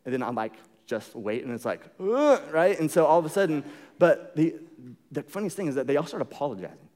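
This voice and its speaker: A young man delivers a sermon in a relaxed, conversational way. His voice sits a little high, and he tells jokey stories with many fillers and quick restarts. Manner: jokey storytelling. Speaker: pastor.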